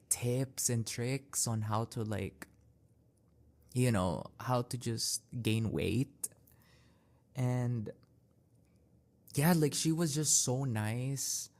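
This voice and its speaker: A man's voice: mid-range voice, darkish tone. A young man hosting a podcast, telling personal stories in a casual way, with lots of "like" and restarts. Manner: unhurried, filler-heavy, with many "like"s and restarts. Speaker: podcast host. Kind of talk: casual storytelling monologue.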